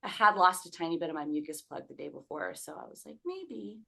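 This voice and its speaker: A woman with a somewhat low voice tells a personal story as a podcast guest. She talks in a candid, animated way, swears without a second thought and acts out what she said back then. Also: fast, creaky. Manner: acts out her own past remarks in quotes.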